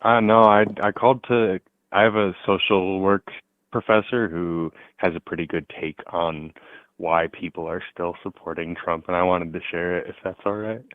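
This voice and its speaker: A man calling in to a show, offering a polite, hesitant opinion with many pauses. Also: deep voice, fairly even intonation, no echo. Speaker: caller. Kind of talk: phone-in comment. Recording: dry tinny phone line.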